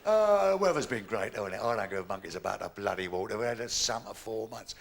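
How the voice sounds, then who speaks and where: Brash gravelly man telling stage jokes. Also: lowish voice, expressive, quick pace. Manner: brash, bawdy joke-telling, acting out both sides of each exchange. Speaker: stand-up comedian. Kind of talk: stand-up comedy routine. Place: large theatre stage. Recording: noisy live theatre recording.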